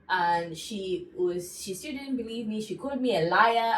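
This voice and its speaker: A woman's voice: on the low side, moderate pace, hardly any pauses, reverberant, poor audio. Chatty young woman telling a storytime. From Zambia. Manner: chatty, animated storytelling with asides. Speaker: beauty vlogger. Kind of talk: casual storytime while doing skincare.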